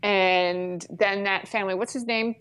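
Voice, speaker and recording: A woman's voice: mid-range voice, fairly even intonation, unhurried, a bit bright, smooth, rough recording. A woman talks in a loose, blunt podcast chat. She swears freely, laughs often, and keeps trailing off and starting her sentences over. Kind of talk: casual chat.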